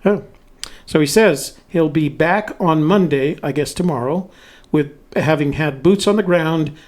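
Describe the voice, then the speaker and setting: A man's voice: a little high, unhurried, a little mellow. Man, show host, casual chat, reads messages, dry jokes.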